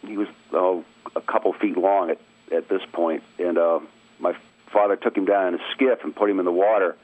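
Low voiced guy from maine calling in, easygoing and chuckly, dry tinny phone sound. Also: steady tone, brisk, a little mellow, no room sound. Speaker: interview guest. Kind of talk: casual storytelling over the phone. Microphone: telephone.

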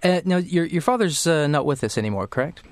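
Radio host guy, chatty and punny, kinda high voice. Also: lively intonation, quick pace, no echo. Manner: friendly, punning, conversational. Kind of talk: radio interview.

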